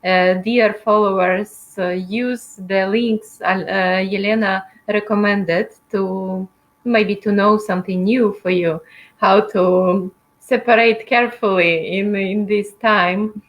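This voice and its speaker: Halting woman hosting an interview. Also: mid-range voice, steady tone, poor audio. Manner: friendly, halting, with many fillers. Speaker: interview host. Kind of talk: casual video-call interview.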